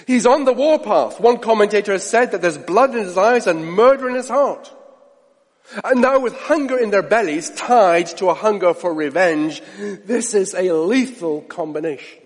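A man preaching a sermon, dramatic and full of rhetorical questions, often dropping to a hushed aside. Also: sits high, normal speed. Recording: long reverb of a large hall.

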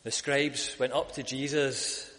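A man preaching a sermon, building to loud, emphatic peaks when he quotes a crowd. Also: medium pitch, fairly even intonation, takes it slowly, long reverb tail. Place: church.

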